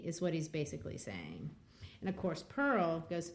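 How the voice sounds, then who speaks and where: A woman's voice: deep voice, huge pitch swings, moderate pace. A woman hosting a literature podcast, retelling a classic novel with enthusiasm. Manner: enthusiastic, retelling scenes with quotes. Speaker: podcast host and literature teacher.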